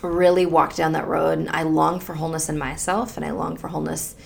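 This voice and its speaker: A woman on a faith podcast recounts a personal moment in an earnest, tender way. Her voice sits low with a gravelly edge. Soft laughs slip in as she talks. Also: little pitch movement, brisk. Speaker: podcast co-host. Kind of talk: reflective faith podcast conversation.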